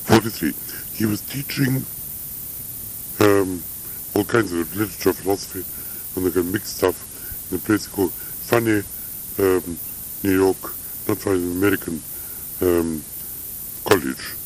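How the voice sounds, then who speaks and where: A man's voice: sits low, a little slow, a little mellow, slight background noise, low-quality recording. An older man from Russia, reminiscing in a rambling, anecdotal way in an interview, full of asides. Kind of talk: reminiscing conversation.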